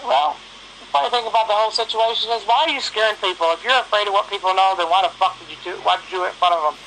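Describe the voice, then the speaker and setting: A woman's voice: medium pitch, very fast, creaky, noisy background. A woman, talking bluntly and profanely in a casual phone chat, telling stories with quoted back-and-forth.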